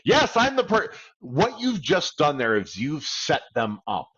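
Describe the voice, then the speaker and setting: Animated male credit coach on a livestream. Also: a little high, measured pace, husky, muffled recording. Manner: animated, acts out phone calls. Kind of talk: live-streamed coaching talk.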